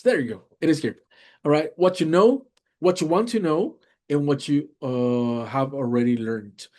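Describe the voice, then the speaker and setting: Man with a Latin American Spanish accent presenting a webinar for teachers, slow and mid-pitched, checks in with "right?" again and again. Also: a little mellow. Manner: slow, repeats "all right?" and "right?" often, many fillers. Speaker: teacher trainer.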